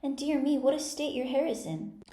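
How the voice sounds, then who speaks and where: A woman reading aloud and voicing a polite, timid, curious young girl, raising her voice high, in a roomy space. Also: moderate pace, mellow, natural voice. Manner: civil, timid, earnest.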